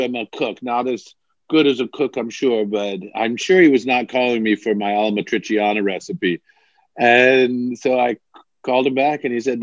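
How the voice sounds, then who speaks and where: Animated storytelling bishop, dry muffled sound. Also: male voice, mid-range voice, no room sound. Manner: animated storyteller, laughs often, self-mocking. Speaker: bishop, interview guest. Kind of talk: casual storytelling in an interview.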